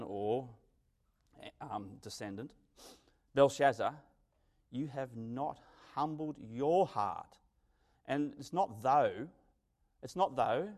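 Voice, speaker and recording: A man preaching a sermon, telling stories with dramatic swings from loud to quiet. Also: medium pitch. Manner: animated storytelling, dramatic swings in loudness.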